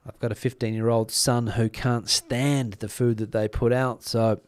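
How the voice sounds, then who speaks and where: A middle-aged Australian man hosts a casual live stream, talking in a loose, meandering way full of ums and restarts. His voice sits at an ordinary pitch and sounds close and dry, with no room around it. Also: normal speed, dry recording. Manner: relaxed, rambling, many fillers and restarts. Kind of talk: casual live-stream chat reading comments.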